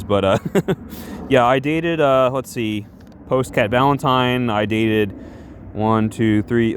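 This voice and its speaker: A man's voice: medium pitch, a little hiss or hum. Rambling, self-conscious male streamer. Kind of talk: casual livestream chat.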